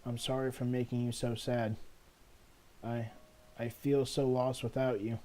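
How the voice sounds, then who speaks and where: A man voicing a heartbroken teenage schoolgirl in a game, talking in a high, strained, emotional voice. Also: little pitch movement, a little slow, dark tone, close to an everyday voice. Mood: upset. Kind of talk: reading game dialogue aloud.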